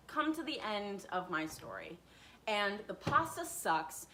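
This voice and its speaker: Young woman, storytime vlogger, a touch low, sharp tone, lively quoting. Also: moderate pace. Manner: animated, acts out quotes with swings in loudness. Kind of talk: storytime vlog.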